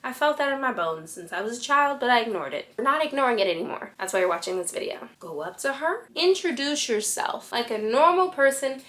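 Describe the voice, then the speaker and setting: A woman's voice: fairly high pitch, big pitch swings, brisk, few pauses, a bit bright. A woman giving blunt, sassy dating advice straight to camera as a fashion influencer. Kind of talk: talking-head advice vlog.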